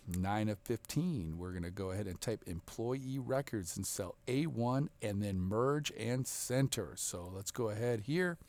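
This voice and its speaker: A man instructor giving an upbeat, encouraging, step-by-step software walkthrough. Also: on the low side. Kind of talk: screen-recorded software walkthrough.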